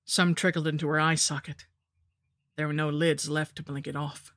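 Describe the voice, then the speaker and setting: A woman reading a first-person horror story in a steady, measured narration. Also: sits low, dry recording.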